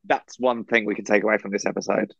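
English man telling a lively story. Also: on the low side, quick pace, vocal fry, slightly rough, no echo, dull audio. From England. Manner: animated storyteller, acts out quoted voices. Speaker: podcast co-host. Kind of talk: casual storytelling. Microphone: video call.

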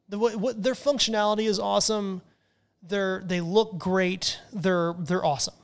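A man's voice: sits high, steady tone, moderate pace, creaky, faint music behind. A man hosting a podcast lesson on wine, talking in an enthusiastic, chatty way. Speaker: podcast host and wine educator. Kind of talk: casual explanatory podcast lesson.

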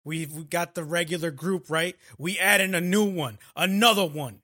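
A man hosting a casual podcast, joking loudly and repeating lines like chants. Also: fairly high pitch, normal speed. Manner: loud, joking, chanting repetition. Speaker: podcast host. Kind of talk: casual banter.

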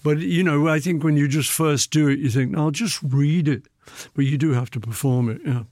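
A man's voice: a little high, moderate pace, a little mellow, dry recording, studio quality. An older man with a Liverpool accent, chatting as an interview guest about his book, telling anecdotes and slipping into playful voices. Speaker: guest author. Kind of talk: relaxed interview chat.

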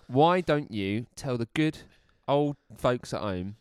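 Enthusiastic podcast host. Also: male voice, mid-range voice, animated, slow, a little mellow, clean tone, no room sound, studio quality. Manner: enthusiastic, rambling, full of restarts. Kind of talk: casual football chat.

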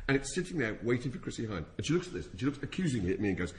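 A man's voice: mid-range voice, sing-song, rapid-fire. A middle-aged man telling a comic anecdote to an audience, laughing through his words and stumbling over restarts. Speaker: storyteller on a talk show. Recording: live audience laughter behind.

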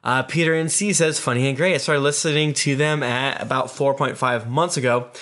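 Bright-voiced man reading reviews aloud. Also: mid-range voice, steady tone, a little fast. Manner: amused, laughing often while reading. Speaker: podcast host. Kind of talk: reading listener reviews aloud, casual chat.

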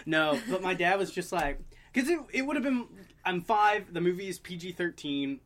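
A man in his twenties telling stories in a casual chat, animated and joking. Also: high voice, moderate pace, slight background noise. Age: 20s. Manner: animated storyteller, puts on silly voices.

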